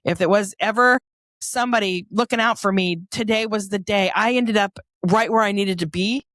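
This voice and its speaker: A middle-aged woman from Northern California, a podcast guest telling a personal story in a lively, chatty way and acting out the dialogue. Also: medium pitch, normal speed, no echo, studio quality.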